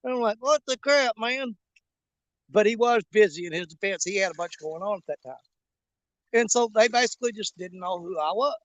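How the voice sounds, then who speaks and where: A man's voice: high voice, quick pace, a bit bright, no echo. A man hosting his fishing channel, chatting casually and jokingly with his viewers from outdoors by a river. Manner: rambling, folksy, jokey, with frequent fillers. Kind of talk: casual live-stream chat to viewers.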